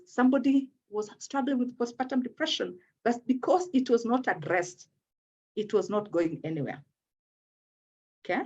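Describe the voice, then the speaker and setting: Higher-voiced woman explaining patiently. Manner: checks in often with "okay?" and repeats words as she thinks. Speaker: guest speaking on postpartum depression. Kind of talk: explanatory interview talk. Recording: dull lo-fi audio.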